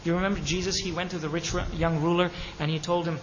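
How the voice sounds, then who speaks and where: A man preaching a sermon as pastor of his church, impassioned, with sudden loud peaks and hushed drops. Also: on the high side, level tone, fast talker, dull audio, slight background noise. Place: church sanctuary. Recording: long hall reverb, faint ambience.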